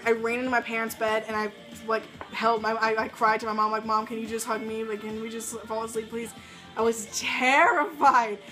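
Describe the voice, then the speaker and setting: A young woman with a fairly high voice chats to her camera in a loose, rambling vlog style, full of fillers and restarts. Soft music plays faintly behind her. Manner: rambling, filler-heavy storytelling. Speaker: vlogger. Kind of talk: casual chat to camera.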